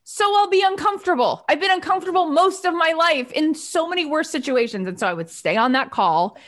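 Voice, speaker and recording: A middle-aged woman, a songwriter and teacher, giving a motivational talk with animated storytelling. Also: sits high, brisk. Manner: animated storytelling, acting out past phone calls.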